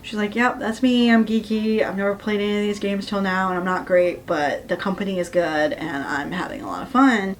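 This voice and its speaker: A woman's voice: mid-range voice, a little hiss or hum. Sarcastic, swearing young woman ranting. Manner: sarcastic, profane, exasperated; mimics characters in quick asides. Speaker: book reviewer. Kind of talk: casual ranting book review.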